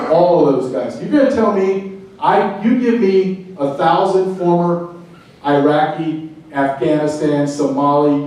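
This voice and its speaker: A middle-aged man, a retired border agent, giving a fervent speech to a club, swinging from loud to quiet. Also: on the high side. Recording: very echoey room, speaker far from mic.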